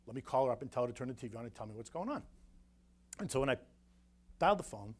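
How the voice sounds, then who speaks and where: A middle-aged man telling a story to an audience in an animated, conversational way, often checking in with the listeners. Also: medium pitch, rapid-fire. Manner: animated, conversational, frequent "right?" asides. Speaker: guest speaker.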